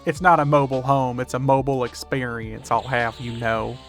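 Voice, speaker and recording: Soft music plays behind this man's mid-range voice, which stays fairly flat in pitch and moves a little fast. It's relaxed livestream chatter while he games, full of jokes, casual swearing, and plenty of "dude."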